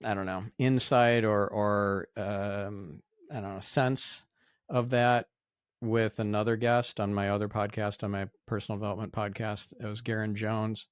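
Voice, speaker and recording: Smooth low-voiced podcast host. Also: male voice, level tone, unhurried, no echo, clean studio sound. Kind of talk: interview conversation.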